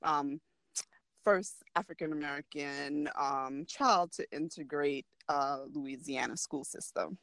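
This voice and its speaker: A woman co-hosting a podcast in casual chat, an animated storyteller who laughs a lot. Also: deep voice, slow, no echo, rough recording. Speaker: podcast co-host and writer.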